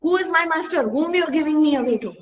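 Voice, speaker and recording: An earnest young boy asks his father question after question, as an Indian woman telling the story puts him on. He speaks with an Indian English accent in a pleading tone, and the voice is fairly high. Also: fast talker, roomy sound, distant mic, lo-fi sound, natural voice.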